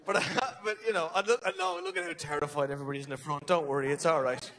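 A man with an Irish accent doing stand-up comedy, talking in a manic, shouting way and acting out characters. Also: on the high side, lively intonation, fast talker, creaky. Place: theatre stage before a live audience. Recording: live show with audience noise.

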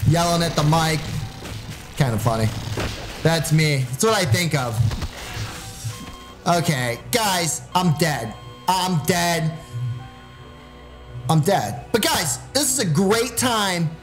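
A man hosting a gaming channel, giving loud, excited gameplay commentary and yelling into his desk mic with sudden high shrieks. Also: slow pace, long pauses, poor audio. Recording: music playing behind.

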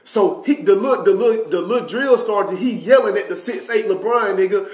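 A young man telling a story in a casual, animated, profane way with lots of slang and fillers. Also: high-pitched, a little fast. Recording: roomy echoey room.

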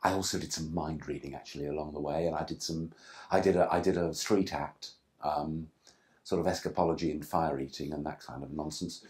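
An older man with a very low, deep voice recalls his past in a relaxed, self-deprecating way. He tells rambling anecdotes for an interviewer, doubling back and restarting his sentences as he goes. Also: brisk. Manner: self-deprecating storyteller, frequent restarts and asides. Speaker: interview guest.

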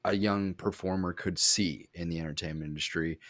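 A man co-hosts a casual podcast, asking questions and telling stories with animated energy. His voice is fairly low, with a dry, close sound. He often restarts his sentences with little stammers. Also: brisk, no room sound. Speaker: podcast co-host. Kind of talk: casual interview chat.

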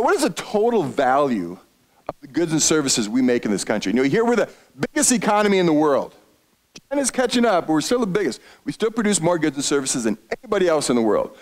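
A man giving an economics lecture, quizzing his audience with questions and answering them himself. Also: fairly high pitch. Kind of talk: lively lecture to a retiree audience.

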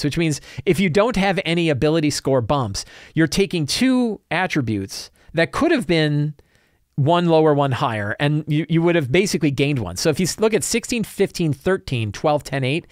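A man's voice: on the high side, no room sound, clean studio sound. A man hosting a tabletop role-playing talk show, giving casual solo commentary in a chatty, opinionated way with frequent restarts.

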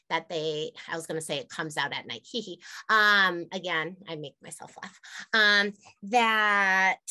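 A woman's voice: mid-range voice, bright, forceful tone, clear, resonant tone. A woman health teacher explaining a lesson to parents in a candid, chatty way, laughing at her own jokes.

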